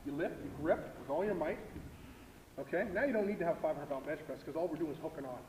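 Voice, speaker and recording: A man explains blocking technique at a coaching clinic, driving his points home and pausing for "okay?" His voice sits high for a man. He is recorded from across a large hall with a long, roomy echo. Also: a little mellow. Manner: emphatic, repetitive, frequent "okay?". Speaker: football line coach. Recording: echoey hall, far from mic, noisy.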